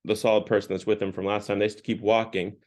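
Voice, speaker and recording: A man's voice: on the low side, flat delivery, quick pace, darkish tone. A man giving a casual parish talk on a book, paraphrasing its dialogue with many "like" fillers. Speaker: parish speaker.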